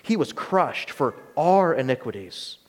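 A man preaching a sermon as pastor, reading scripture slowly and telling quick stories with rising emphasis. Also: mid-range voice, big pitch swings. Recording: long reverb of a church hall.

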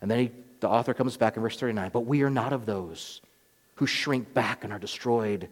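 A male pastor delivering a sermon, rising to emphatic peaks and dropping to quiet, earnest lines. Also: mid-range voice, big-room sound. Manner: preaching with rising emphatic swells and quiet drops. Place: church sanctuary.

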